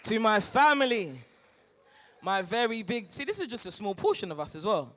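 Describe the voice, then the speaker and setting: A man, the groom, giving an emotional wedding speech at a reception, halting and repeating himself between bursts of laughter. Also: high voice, very animated, fairly bright tone.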